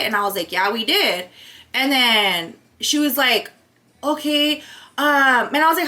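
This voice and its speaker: A young woman vlogger telling her side of a story straight to her viewers. Her voice sits high, with a bright, sharp edge. She talks fast and swears freely, acting out the lines of the people in her story. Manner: rapid, profane, animated retelling with acted quotes. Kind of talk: casual storytime to camera.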